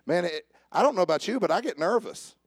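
A man preaching a sermon. He jokes with the congregation and swings from soft asides to raised calls. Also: high-pitched, expressive, fast, slightly rough, dry recording, clean studio sound. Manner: joking with the congregation. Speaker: pastor. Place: church service with instrument behind.

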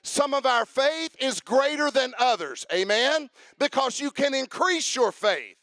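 A male preacher with a high voice, delivering a sermon in a church. He talks emphatically, hammers his points through repetition, and rises into shouted proclamations. The sound is dry and close. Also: expressive, measured pace, few pauses, dry recording. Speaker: pastor.

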